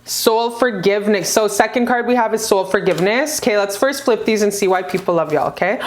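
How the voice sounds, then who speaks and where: A woman giving a casual pick-a-card tarot reading, gushing and profane, with bursts of high excitement. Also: normal speed, a little hiss or hum.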